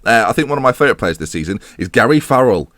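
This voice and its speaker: A man's voice: medium pitch, sing-song, rapid-fire, fairly bright tone, no echo, studio quality. Sarcastic man commentating a game. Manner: sarcastic, self-mocking, mock match commentary. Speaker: gaming YouTuber. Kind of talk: casual let's-play commentary.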